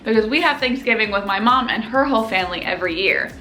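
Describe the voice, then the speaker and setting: A young woman voicing her excited little brother in a casual vlog, squealing and disbelieving. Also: medium pitch, fast, soft background music, poor audio.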